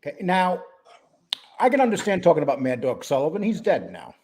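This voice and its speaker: Relaxed man hosting a live chat. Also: a little high, fairly quick. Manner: greets chat viewers by name, relaxed and rambling. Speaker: host. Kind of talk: casual live-stream chat.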